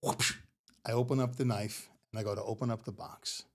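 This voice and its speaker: A middle-aged man, a retired police officer, telling stories in a casual, animated way and laughing often. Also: on the low side, a little fast, creaky. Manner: animated, laughing often, acts out quoted voices. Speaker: podcast guest. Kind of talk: casual storytelling.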